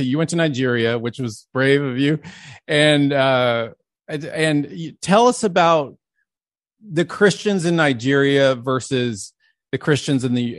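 A man's voice: medium pitch, no echo. Man hosting, dry close sound. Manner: brief, eager affirmations. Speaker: podcast host. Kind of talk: casual interview conversation.

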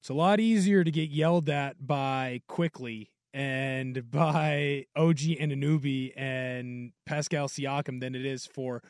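A male sports radio co-host who drops wry jokes between points. His voice is mid-pitched, and the studio sound is dry and close. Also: steady tone, a little slow, hardly any pauses, a little mellow, dry recording. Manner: wry, joking asides. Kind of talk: sports talk radio chat.

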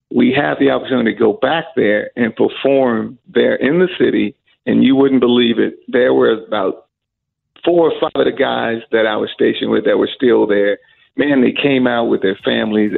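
A middle-aged man with a deeply gravelly, husky voice tells stories as an interview guest. He acts out the voices he quotes. The sound is thin and phone-like. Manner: lively storyteller who acts out quoted voices. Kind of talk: storytelling in an interview. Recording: tinny phone-line sound.

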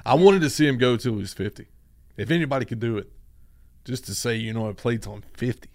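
A man co-hosting a morning show, giving steady, opinionated sports talk. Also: mid-range voice, fast, no echo. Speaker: radio co-host.

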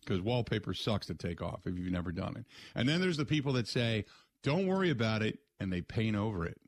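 A man's voice: lowish voice, a little fast, no echo. A man hosting a sports radio show, rambling and joking through casual rants. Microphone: studio mic.

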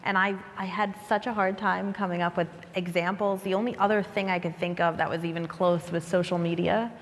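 A woman moderating a conference panel, asking measured, thoughtful questions. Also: fairly low pitch, steady tone, in a large hall. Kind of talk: panel discussion. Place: conference stage.

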